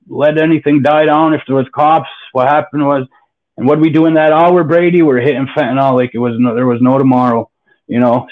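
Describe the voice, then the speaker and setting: Man, podcast guest, blunt profane storytelling, mid pitch, tinny phone-like sound. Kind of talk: candid personal storytelling. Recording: phone-like narrow line.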